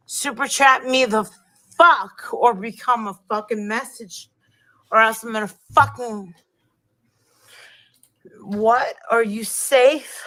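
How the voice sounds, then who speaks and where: A woman hosting a livestream, loud and demanding, swearing constantly as she rants at her viewers. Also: on the high side, recorded from a distance, poor audio. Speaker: livestream host. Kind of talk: profane livestream rant.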